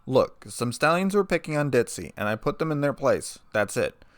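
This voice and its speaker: A man's voice: mid-range voice, sing-song, normal speed, dry recording, close to an everyday voice. A man voicing a laid-back young human man who talks in a dry, sarcastic way.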